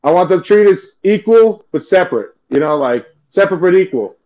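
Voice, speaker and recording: A man's voice: high voice, expressive, moderate pace, slight background noise. A man hosting a casual comedic chat, rambling and swearing freely with lots of filler words. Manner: rambling and profane, full of "like" fillers. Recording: dull lo-fi recording.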